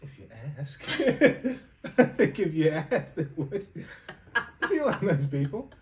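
A man's voice: fairly high pitch, sing-song, measured pace. A man co-hosting a podcast in casual chat, joking playfully and laughing as he tells his story. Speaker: podcast co-host.

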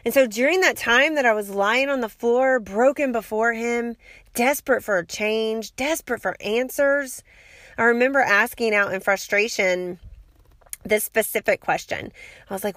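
A middle-aged woman talks from her car in a voice set a little high, the sound close and dry with no room around it. She hosts a podcast and tells a heartfelt faith testimony, earnest and open, with small self-aware laughs. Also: moderate pace, a bit bright, no echo. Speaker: podcast host. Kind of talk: personal faith testimony monologue.

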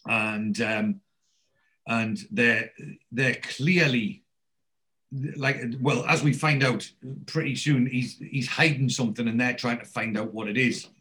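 A man's voice: mid-range voice, takes it slowly, bright, forceful tone, low-quality recording. A man casually retelling a TV episode, rambling with many ums and acting out the characters' lines.

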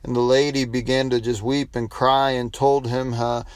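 A man's voice: medium pitch, level tone, normal speed, clean tone, no echo. A man preaching a devotional sermon, telling a folksy story with frequent restarts and closing in prayer. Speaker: pastor.

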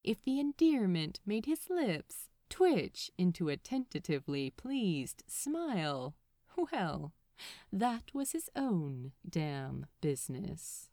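Woman reader, slow and very melodic, close and dry sound. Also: fairly low pitch, no room sound. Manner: slow, soft, expressive storytelling. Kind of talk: fan fiction reading.

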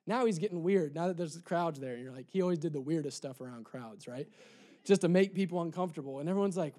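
A man preaching a sermon in church, impassioned and repetitive, dropping soft for emphasis. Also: high voice, fast talker. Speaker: pastor.

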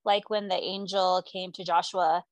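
A woman's voice: fairly low pitch, level tone, moderate pace, no room sound, lo-fi sound. A woman taking part in a casual Bible study discussion, offering her thoughts tentatively. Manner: tentative, hesitant.

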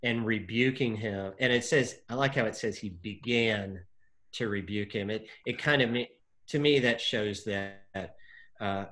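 A man discussing a Bible passage in casual chat, animated, acting out the figures' lines with lots of fillers. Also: on the low side, a little slow. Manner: animated, acts out quotes, many fillers.

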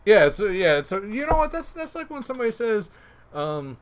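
A man's voice: high-pitched, big pitch swings, a little fast. A man hosting a casual podcast, joking and teasing his co-host. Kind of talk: casual chat.

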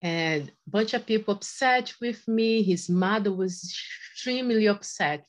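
Halting, emotional woman telling a story. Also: medium pitch. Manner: halting, repeats words, acts out quoted voices. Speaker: podcast guest. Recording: dull lo-fi audio.

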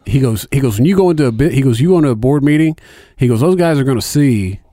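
A man's voice: medium pitch, animated, fast talker, mellow, no room sound, clean studio sound. Rambling, profane middle-aged man. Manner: rambling storyteller, heavy swearing, many fillers. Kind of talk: casual chat.

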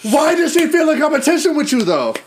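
A man's voice: extremely high pitch, sing-song, brisk, a little hiss or hum. A man co-hosting a casual podcast, gossiping and swearing freely and laughing through his stories. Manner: gossipy, profane, laughs while telling stories. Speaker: podcast co-host. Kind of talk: casual chat.

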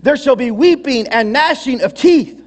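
A male pastor preaching a sermon, calling on his congregation to respond and at times shouting for emphasis. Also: extremely high pitch, animated, moderate pace. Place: church sanctuary. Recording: long hall reverb.

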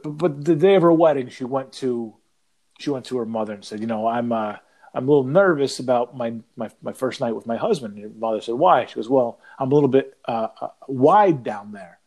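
Male podcast co-host, middle-pitched, rambling joke-teller with many restarts. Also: mellow. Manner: rambling, halting with restarts, laughing. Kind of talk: casual chat, telling a joke.

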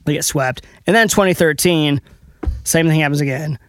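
A man's voice: on the high side, moderate pace. A man co-hosting a casual sports podcast, rambling through stories and reading sponsor plugs. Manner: rambling, animated, reads ad plugs. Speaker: podcast co-host.

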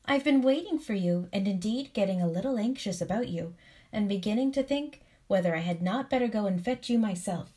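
A sweet-voiced old grandmother, voiced by a woman reading aloud speaks in a storybook. She is wise and patient, and her voice stays soft and reassuring. Her pitch sits at an easy middle height. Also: expressive, brisk, lightly acted. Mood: gentle.

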